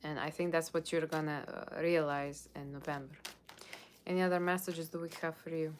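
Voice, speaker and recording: Over background noise, a woman with a deep voice speaks fairly quickly in a steady tone while doing a live tarot reading. Chatty and rambling, she reads out viewers' comments and answers in a playful Halloween character voice, often saying "okay?" and "like".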